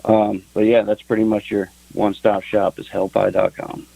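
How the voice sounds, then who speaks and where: A man from a band, guesting on a radio show, talking in a relaxed way with dry humor. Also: on the low side, normal speed, gravelly, breathy edge, no room sound, low-quality recording. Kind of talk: casual interview chat.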